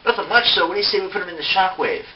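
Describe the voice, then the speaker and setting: A man's voice: high voice, expressive, racing. A man giving a casual, unscripted toy review, rambling with lots of fillers and self-mocking asides. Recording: distant mic, dull sound, faint hiss.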